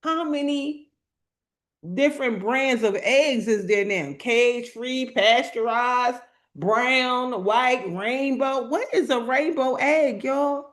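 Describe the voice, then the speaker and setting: Using a high voice, a woman motivational speaker preaches to viewers live online. She talks slowly and with emphasis, echoing her own phrases in plain, casual language while calling to the chat.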